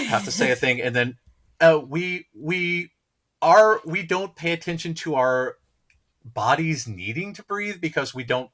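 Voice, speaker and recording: Podcast co-host, male, slightly high bright voice, enthusiastic, long run-on sentences. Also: expressive, moderate pace. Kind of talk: casual podcast chat.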